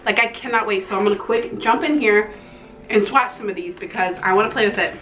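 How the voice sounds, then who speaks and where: A woman's voice: medium pitch, brisk, lo-fi sound, soft background music. Gushing young woman reviewing makeup, roomy echo. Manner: gushing, excitable, slangy, with breathy exclamations. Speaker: beauty vlogger. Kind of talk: casual makeup review vlog.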